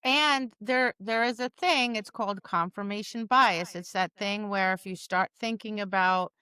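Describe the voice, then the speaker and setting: A woman's voice: mid-range voice, measured pace, pushed and bright, smooth, no room sound. A woman co-hosting a podcast as a dog trainer, talking in an emphatic, casual way that acts out quotes. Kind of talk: casual conversational chat.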